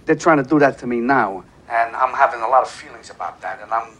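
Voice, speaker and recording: A man's voice: medium pitch, fast, a bit bright, lightly acted. An actor playing a volatile, profane male mob boss in a film, blustering and stammering when he gets emotional. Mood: halting. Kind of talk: film dialogue.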